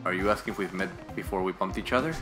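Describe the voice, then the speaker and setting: A man voicing a stoic, blunt tough guy in a low, clipped delivery. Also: fast, close to an everyday voice. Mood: calm. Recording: roomy echo, faint game music.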